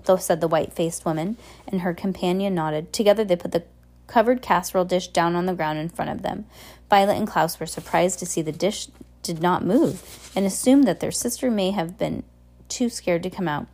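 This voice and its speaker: A woman reads a novel aloud in a plain, unhurried way. Her voice is fairly low, with a mellow, dark tone. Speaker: reader.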